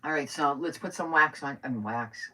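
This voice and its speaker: A woman's voice: low voice, moderate pace, bright, forceful tone. Chatty middle-aged woman crafting live. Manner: chatty, thinks aloud, rambling. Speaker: craft host. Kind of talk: live crafting stream chat. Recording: distant from the mic.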